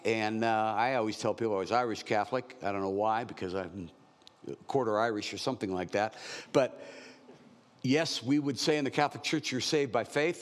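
A man's voice: mid-range voice, big-room sound. A man in his sixties preaching a verse-by-verse sermon in a conversational, joking way. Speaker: pastor.

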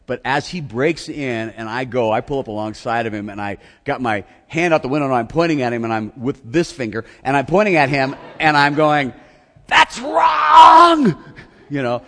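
Brisk and with few pauses, a middle-aged male pastor speaking at medium pitch delivers a sermon. He tells an animated story that makes fun of himself and acts out shouting, heard through a long hall reverb.

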